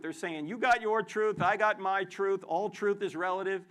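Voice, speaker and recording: High-voiced, energetic male lecturer. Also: normal speed. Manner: energetic, jokey, quizzes the audience with questions. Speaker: Christian apologist speaker. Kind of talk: live apologetics lecture to students. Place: university event hall with live audience.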